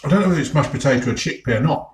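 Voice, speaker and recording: A man's voice: medium pitch, lively intonation, racing, reverberant. A man with an English Midlands accent chatting casually to viewers as he tastes food for his vlog, enthusiastic and chatty. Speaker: food vlogger.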